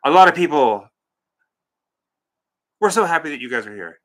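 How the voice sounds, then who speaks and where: A man's voice: fairly high pitch, lively intonation, normal speed, fairly bright tone. A man co-hosting a movie watch party livestream, chatting casually, joking and greeting viewers by name. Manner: playful, joking, theatrical greetings. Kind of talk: casual livestream chat, reading out viewer names.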